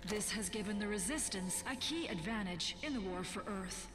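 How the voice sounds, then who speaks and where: A woman's voice: mid-range voice, animated, moderate pace, lightly acted. Solemn resistance radio announcer, a woman acting it; reverberant broadcast sound with score underneath. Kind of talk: game cutscene radio broadcast. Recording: reverberant broadcast with game music.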